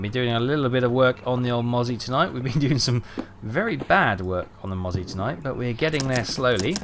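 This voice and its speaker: A man's voice: medium pitch, noisy background. A British man giving chatty, rambling live commentary while streaming a game, with dry joking asides.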